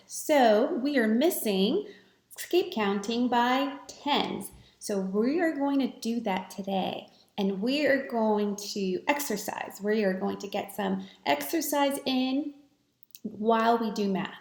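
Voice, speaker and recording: Woman teacher doing a video math lesson, slightly high voice, slow and patient, roomy echo. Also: expressive. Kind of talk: recorded math lesson for students. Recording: echoey room.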